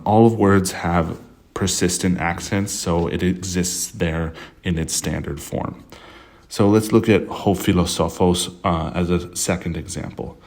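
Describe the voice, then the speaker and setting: A man teaching grammar to camera in an unhurried way, with frequent ums and uhs. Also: sits low, a little mellow. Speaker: language tutor.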